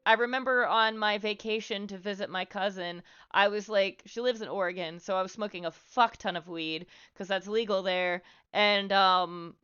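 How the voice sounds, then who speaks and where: A woman's voice: medium pitch, fairly even intonation, normal speed, few pauses, a bit bright, clean tone. A woman hosting a livestream, talking loosely and frankly with lots of "like" and "um", and swearing casually. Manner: loose, rambling, full of "like" and "um". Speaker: livestream host giving social advice. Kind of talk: casual advice talk on a livestream. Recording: slightly muffled stream audio with faint music.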